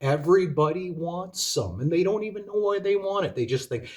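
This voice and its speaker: A man's voice: on the high side, animated, moderate pace, a little mellow. A man ranting in a monologue to his viewers, profane and exasperated, lecturing them with rhetorical questions. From Canada. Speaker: video commentator.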